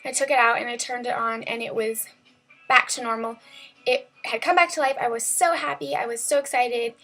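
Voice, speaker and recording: A teenage girl talks straight into a camera at home, telling a story about her own life. She rambles and fills every pause with "like" and "um", in a voice that sits a little high. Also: steady tone, bright, forceful tone. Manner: chatty, rambling, full of "like" and "um". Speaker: vlogger. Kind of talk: casual storytelling vlog.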